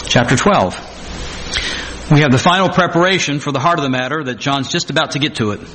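A man's voice: on the high side, a little fast, a bit bright, a little hiss or hum. A man preaching a sermon, stressing his points by repeating phrases and acting out the scripture he quotes. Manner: acts out scripture quotes dramatically.

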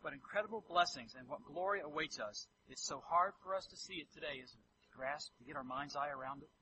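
A man preaching a sermon, animated and acting out scripture quotes in different voices. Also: on the high side, quick pace, a little hiss or hum, rough recording.

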